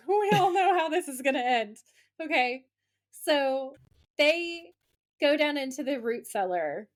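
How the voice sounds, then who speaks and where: A woman co-hosting a podcast, recapping a TV episode in a chatty, animated way with lots of asides. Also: mid-range voice. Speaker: podcast co-host. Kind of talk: casual chat recapping a TV episode.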